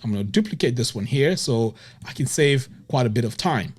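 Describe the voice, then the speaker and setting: A man records a screen tutorial on web design, walking through the steps with lots of enthusiasm and exclaiming "boom" and "look at that." His voice is brisk with lively intonation and a breathy edge.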